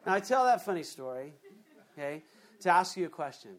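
A man's voice: a little high, a little fast. A man preaching a sermon, telling a joke story with frequent asides to the congregation. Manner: animated storytelling with asides to the audience. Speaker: pastor.

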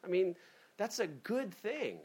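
Animated male pastor preaching. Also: high-pitched, slow pace, slightly rough. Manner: animated, conversational, self-interrupting. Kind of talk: sermon.

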